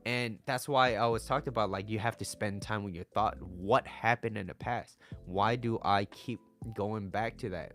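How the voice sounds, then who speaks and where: A man's voice: lowish voice, a bit bright. A young man talking casually as a relationship coach, blunt and profane, acting out what people say in quoted voices.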